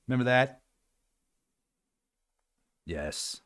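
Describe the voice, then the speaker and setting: A man hosting a casual livestream, talking in an animated way and acting out other people's voices now and then. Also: mid-range voice, a little slow, long pauses. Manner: animated, acts out quoted voices. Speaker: host.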